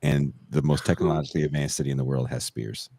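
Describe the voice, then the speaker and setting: Male host, very low voice, dry close sound, casual and joking. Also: steady tone, quick pace, gravelly, dark tone, slightly rough, dry recording. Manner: laid-back, laughs often, profane. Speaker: podcast host. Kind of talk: casual podcast chat.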